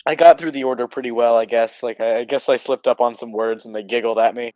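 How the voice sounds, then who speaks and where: A man's voice: mid-range voice, fairly even intonation, fast talker, darkish tone, dry recording, highs cut off. A young man co-hosting a casual podcast, recorded close with a dry sound. He tells his story hesitantly, with plenty of self-deprecation. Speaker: podcast co-host. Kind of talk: casual chat.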